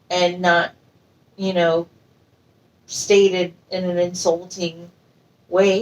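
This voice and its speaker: Female co-host, mid pitch, reasoned and chatty, sits back from the mic. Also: recorded from a distance. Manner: thoughtful, explains with examples. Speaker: podcast co-host. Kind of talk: casual podcast chat.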